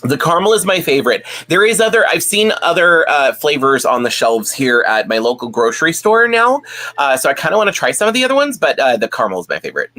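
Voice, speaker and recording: A man's voice: a little high, big pitch swings, fast, bright, forceful tone. A man hosting a casual live stream at home, chatting and reading viewer comments, rambling with many fillers and restarts.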